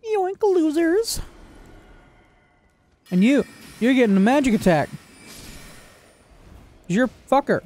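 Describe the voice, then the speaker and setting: A man giving casual gameplay commentary, joking, swearing and reacting loudly to the game. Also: sits high, animated, moderate pace, long pauses. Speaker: gaming video creator.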